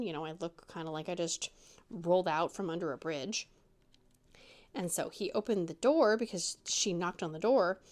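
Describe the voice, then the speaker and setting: A middle-aged woman hosting a crafting vlog, telling a story in a rambling, animated way with lots of fillers and restarts, and jumping up in pitch when she quotes other people. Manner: acts out quoted voices with big pitch jumps. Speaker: crafting channel host.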